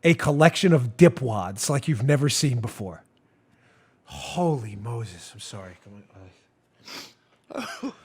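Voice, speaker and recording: A man in his forties hosting a talk show, ranting with animated, mocking humor and frequent laughter. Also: mid-range voice, slow pace, pauses often, husky. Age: 40s. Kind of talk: comedic political talk.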